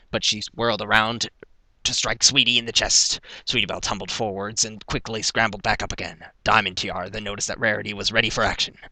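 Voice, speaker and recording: Bright, dry-voiced male storyteller. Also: on the low side, dry recording. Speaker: fan fiction reader. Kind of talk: storytelling narration.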